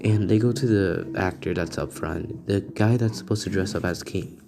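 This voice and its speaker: Low gravelly young man telling a fan story. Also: background noise. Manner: rambling, halting, with restarts and asides to listeners. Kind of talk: improvised fan-fiction storytelling. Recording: beat music playing behind. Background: music beats.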